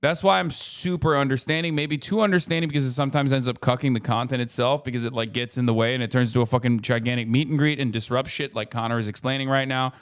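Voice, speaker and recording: A man's voice: mid-range voice, fairly even intonation, quick pace, hardly any pauses, smooth. A man talking casually as a streamer while reacting to a video, rambling and swearing a lot as he acts out how strangers react to him. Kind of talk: casual profane commentary.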